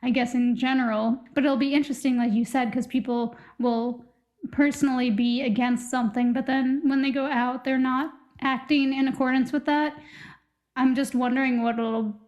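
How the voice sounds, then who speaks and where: A woman co-hosting a casual podcast, thinking out loud in long, rambling turns. Her voice sits a little high. Light laughs come through as she talks. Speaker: podcast co-host. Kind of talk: casual chat.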